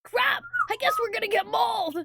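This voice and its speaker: A woman's voice: very high voice, fairly quick, sharp tone, no room sound. A woman reading the lines of a brash, cheeky young male hero in a game, in a mocking, cocky way. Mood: alarmed.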